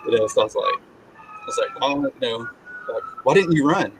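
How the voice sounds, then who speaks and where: This guest, giving his testimony over background noise, has a slightly high voice and a brisk delivery. Casual and animated, he relates a personal story, performs the voices of the people he quotes, and tends to repeat and restart.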